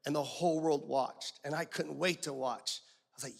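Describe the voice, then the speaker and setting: A male stand-up comedian telling stories with animated, profane delivery, shouting his punchlines on stage. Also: on the high side, moderate pace, gravelly. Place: comedy stage before a live audience. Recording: live stage mic with audience and room noise.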